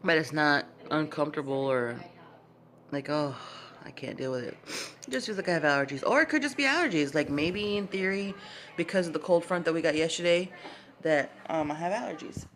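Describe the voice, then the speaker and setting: A woman's voice: sits low, animated, a little fast. A woman vlogger chatting casually at home, rambling with lots of fillers. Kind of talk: casual vlog chat.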